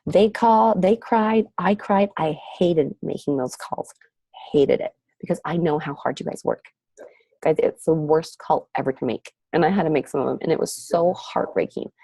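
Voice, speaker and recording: A woman's voice: low-pitched, normal speed, warm tone, breathy edge, dry recording. A woman leading a team of fitness coaches on a video call, giving a gushing motivational talk full of exclamations and repeated phrases.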